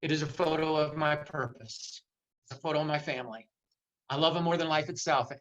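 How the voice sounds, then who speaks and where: Older guy doing a fired-up motivational talk over a video call, bright voice, kinda muffled audio. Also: on the high side, fairly even intonation, fairly quick. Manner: impassioned, emotional, repeats for emphasis. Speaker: motivational speaker. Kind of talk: virtual seminar talk.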